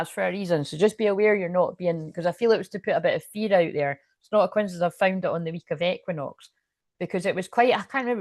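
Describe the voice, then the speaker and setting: A woman's voice: fairly low pitch, a little mellow, no room sound, clean studio sound. A woman, talking casually about spirituality in a rambling, frank way, swearing freely and full of fillers and restarts. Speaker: spiritual channel and tarot reader. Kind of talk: casual spiritual livestream talk.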